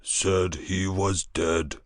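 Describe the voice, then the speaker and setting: A man voicing a hairy grey beast-man in an audiobook, who speaks in slow, grave pronouncements. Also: low voice, fairly even intonation, dry recording, clean studio sound. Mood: solemn.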